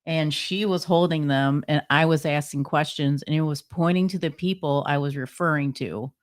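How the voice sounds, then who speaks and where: A woman's voice: low voice, normal speed. A woman co-hosting a podcast, telling her stories in a chatty way with lots of fillers and laughs. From New Jersey. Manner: chatty storyteller, laughs often, many "like" fillers. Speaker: co-host, paranormal investigator. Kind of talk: casual podcast chat.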